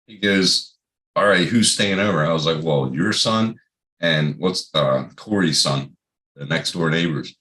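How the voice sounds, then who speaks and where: A man's voice: very deep voice, measured pace, a bit bright. A middle-aged man and father telling funny stories in casual chat, swearing often and laughing. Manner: profane, laughing storyteller.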